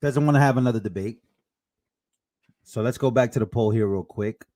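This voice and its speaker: A man's voice: mid-range voice, dark tone. Casual man hosting a livestream. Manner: casual, chatty, fast asides. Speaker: livestream host. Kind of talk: live commentary stream.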